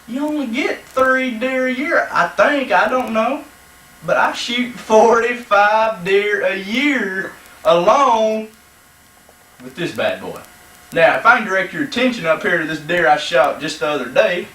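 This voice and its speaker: A man doing a lively bragging deer-hunting pro. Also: high-pitched, heavily acted. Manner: boastful, rambling, hammy emphasis. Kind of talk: comedy sketch. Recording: echoey room, mic far off.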